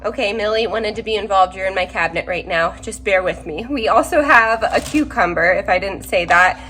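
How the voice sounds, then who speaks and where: A mother vlogger in her thirties chats casually through her grocery haul, sounding a little sick. Her voice is mid-range with a sharp tone and she talks briskly, staying practical and talkative while drifting into rambling asides.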